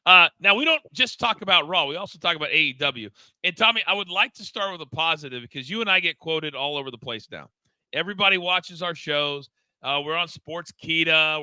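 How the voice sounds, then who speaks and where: A middle-aged man with a fairly high voice co-hosts a casual wrestling talk show; he's a former wrestling coach. An animated storyteller, he shares backstage stories, stammering and repeating words a lot, in a low-quality recording with no echo.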